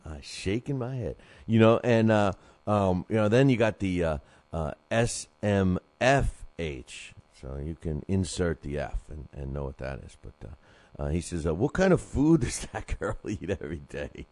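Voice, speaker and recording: A man's voice: sits low, lively intonation, measured pace, a little mellow, no room sound. A man hosting a boxing talk show, rambling casually with lots of fillers and restarts.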